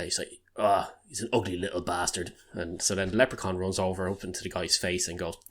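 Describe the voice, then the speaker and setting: A man's voice: low voice, fairly bright tone. A man co-hosting a podcast, telling jokes in a loose, laughing way. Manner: jokey storyteller, breaks into laughter. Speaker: podcast co-host. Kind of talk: casual podcast chat.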